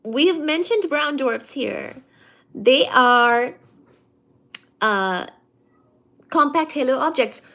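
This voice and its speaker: A woman's voice: sits high, lively intonation, extremely slow, long pauses, fairly bright tone. A woman hosting a casual live study stream from home, chatty and full of fillers, cooing baby talk to her cat between topics. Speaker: livestream host. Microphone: computer mic during a livestream.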